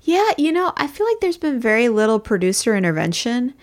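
A woman's voice: a little high, sing-song, a little fast. A woman co-hosting a podcast, recapping a reality show in casual chat, laughing often and quoting people in put-on voices. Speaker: podcast co-host.

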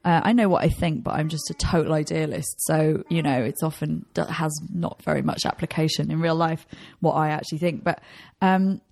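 A woman's voice: low-pitched, fairly even intonation, a little fast, creaky, few pauses, darkish tone, dry recording. A British woman chatting casually as a podcast guest, rambling and self-deprecating, with frequent laughs. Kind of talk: casual chat.

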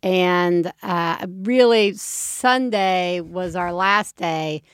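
A woman's voice: drawn-out words, clean tone, no room sound, clean studio sound. A woman in her thirties co-hosting a podcast, chatting casually and acting out her own stories. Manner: animated storyteller, acts out her own shrill yelling. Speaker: podcast co-host. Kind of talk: casual chat.

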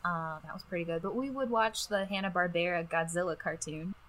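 A woman co-hosting a podcast in relaxed, chatty conversation. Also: fairly low pitch, a little fast. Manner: relaxed, chatty, laughs easily. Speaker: podcast co-host. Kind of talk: casual chat.

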